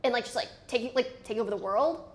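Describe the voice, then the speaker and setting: A woman's voice: a little high, fast talker. A woman hosting a podcast in casual chat, pressing with short follow-up questions. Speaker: podcast host.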